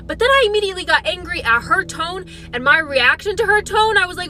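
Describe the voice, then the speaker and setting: A woman's voice: very high voice, lively intonation, quick pace, hardly any pauses, pushed and bright. A young adult woman telling a comedic story in a wry, self-deprecating way. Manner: wry, self-deprecating, slips into mocking voices.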